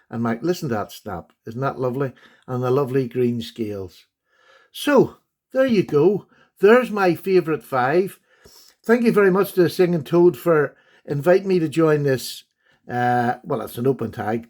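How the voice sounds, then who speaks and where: A man talks through his collection in a casual vlog. His voice sits a little high for a man. He rambles warmly and fixes his own slips as he goes. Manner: chatty, warm-hearted and rambling with self-corrections. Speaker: knife collecting YouTuber. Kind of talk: casual show-and-tell vlog.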